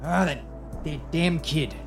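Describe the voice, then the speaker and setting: Man doing a sad grumbly spaceship captain, slow and kinda high, music under it. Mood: grumbling. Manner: slow, mournful, muttering grumbles. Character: brooding male ship captain, haunted by lost love. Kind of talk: audio drama acting. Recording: music score playing underneath.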